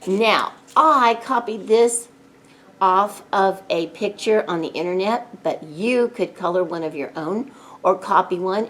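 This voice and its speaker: A woman's voice: mid-range voice, a little slow. A middle-aged woman from a library staff, playfully demonstrating a children's snack craft with pirate talk.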